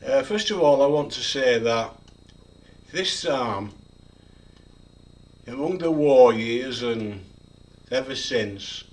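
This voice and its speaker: Slow, emphatic older male preacher. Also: mid-range voice, far from the mic. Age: 70s. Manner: emphatic, repeats single words with heavy stress. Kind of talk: devotional video talk on a psalm.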